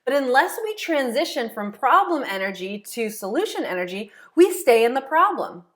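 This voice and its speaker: Higher-voiced woman coach explaining steps. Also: very animated, moderate pace, fairly bright tone. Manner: repeats key phrases, asks rhetorical checks. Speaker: law of attraction coach. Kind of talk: explanatory teaching monologue.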